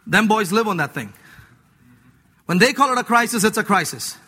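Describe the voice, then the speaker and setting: A man preaching a sermon as a pastor, emphatic, jumping from loud urging to low asides, in a church. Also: lively intonation, moderate pace, slightly rough. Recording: long hall reverb.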